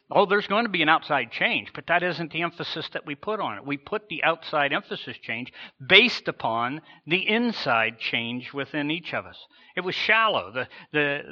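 Male pastor, mid-pitched, earnest sermon delivery with frequent restarts; muffled lo-fi recording. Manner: earnest, repeats words when restarting.

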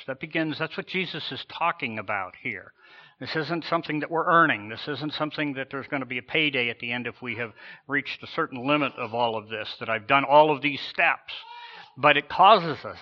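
A man's voice: on the high side, highs cut off. A man preaching a sermon as a pastor, earnest, often restarting and repeating words.

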